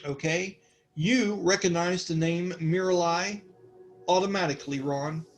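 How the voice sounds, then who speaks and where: A man's voice: high voice, unhurried, soft background music. A man narrating a tabletop game as game master, rambling with many fillers.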